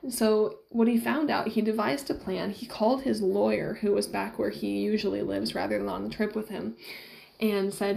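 A woman's voice: mid-range voice, fairly even intonation, normal speed, vocal fry, darkish tone. A woman teacher casually retelling a story to her class, slipping into short quoted lines as she goes.

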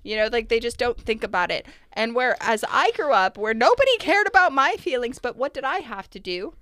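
A woman's voice: on the high side, expressive, fairly bright tone, dry recording. Woman, podcast co-host, earnest and reflective, casual chat, dry close mic. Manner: earnest, reflective, quick to laugh.

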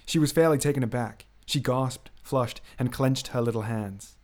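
A man's voice: medium pitch, moderate pace, darkish tone. A man reading a passage from a historical romance novel aloud, giving the dialogue some expression. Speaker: reader of a book excerpt.

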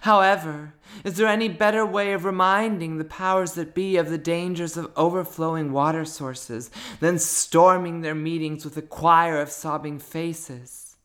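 A woman author with a lowish voice talks about her writing, then reads her own prose aloud. She is thoughtful and searches for words.

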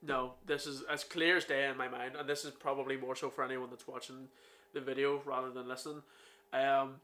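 A man's voice: mid-range voice, level tone, fairly quick, pushed and bright. A Northern Irish man in his twenties hosting a podcast, chatting casually and joking with a friend. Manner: jokey, chatty, tangents with fillers. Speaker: podcast host. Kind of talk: casual chat.

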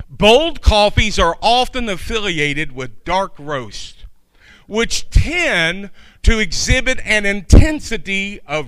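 A man's voice: high-pitched, bright, forceful tone, smooth, no echo. A man preaching a sermon in a folksy, chatty way, with asides to his congregation.

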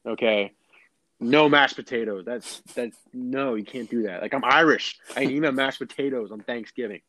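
A man co-hosting a podcast, telling a story in casual chat with lots of restarts and animated asides. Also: medium pitch, moderate pace, dry recording, low-quality recording. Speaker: podcast co-host.

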